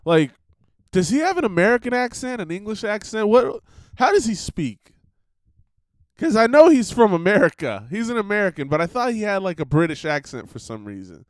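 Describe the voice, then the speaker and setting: A man's voice: high voice, very animated, normal speed, dry recording, studio quality. A young man hosting a podcast, rambling in a casual monologue full of fillers and laughter. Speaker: podcast host. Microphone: computer recording setup.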